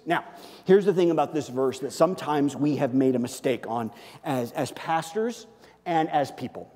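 A man preaching a sermon as a pastor, conversational and animated, often checking in with "okay?". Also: medium pitch, fairly quick. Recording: long hall reverb.

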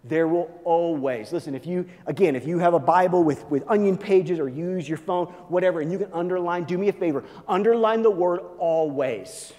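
A man's voice: high-pitched, fairly quick, hardly any pauses, warm tone, big-room sound. A male pastor preaching an emphatic sermon, urging his listeners again and again to listen.

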